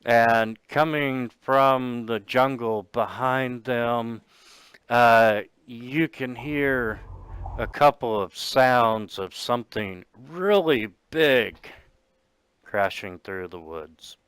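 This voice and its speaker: Slow, crisp-voiced male game master. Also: medium pitch, fairly bright tone, dry recording. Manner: slow, halting narration with fillers. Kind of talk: narrating a tabletop game.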